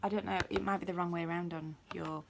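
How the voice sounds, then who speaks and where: A woman's voice: fairly low pitch, fairly even intonation, fast, gravelly, background noise. A British woman in a chatty home vlog who rambles with lots of ums and mutters asides to herself, recorded on a phone. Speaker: beauty vlogger. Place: at home indoors. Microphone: phone camera.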